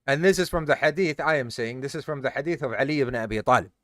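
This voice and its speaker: A mid-range, slightly bright male voice, fast-talking, recorded cleanly in a studio with no room sound. He's a tired teacher running a live Islamic study class, explaining step by step, quizzing students and mixing in Arabic terms.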